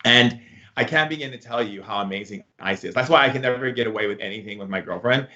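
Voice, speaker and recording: A man's voice: on the low side, fast talker, bright, forceful tone, lo-fi sound. Rambling man giving a spiritual lesson. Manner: rambling, heavy use of filler words. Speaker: spiritual teacher. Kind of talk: casual spoken lesson.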